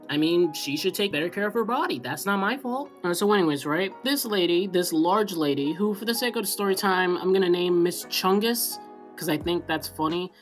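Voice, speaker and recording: A man's voice: sits high, fairly bright tone. Rambling, sarcastic young man telling a story. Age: young adult. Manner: rambling, sarcastic, lots of fillers. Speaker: storytime vlogger. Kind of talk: casual storytelling.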